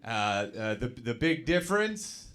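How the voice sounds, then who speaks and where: Bright-voiced Canadian comedian. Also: male voice, mid-range voice, big pitch swings. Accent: Canadian English. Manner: halting, filler-heavy delivery with repeated restarts. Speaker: stand-up comedian. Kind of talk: stand-up comedy set. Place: comedy club stage with laughing audience.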